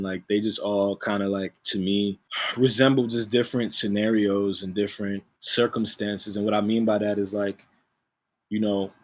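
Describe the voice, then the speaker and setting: Laid-back slangy man, low voice. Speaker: music producer guest. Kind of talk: casual interview chat.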